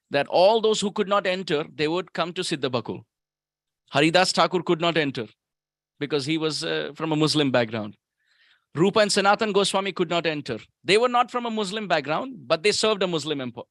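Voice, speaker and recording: High-voiced animated male preacher. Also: no echo, clean studio sound. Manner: animated storyteller who shifts pitch sharply for emphasis; asks the audience rhetorical questions. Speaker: visiting speaker giving a temple talk. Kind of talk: devotional sermon storytelling. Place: temple hall.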